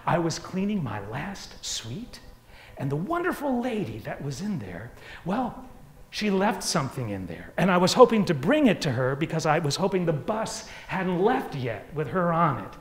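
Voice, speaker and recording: A woman's voice: sits low, big pitch swings, moderate pace. A man voicing a frantic female cabin stewardess who is out of breath, in an echoey hall. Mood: breathless.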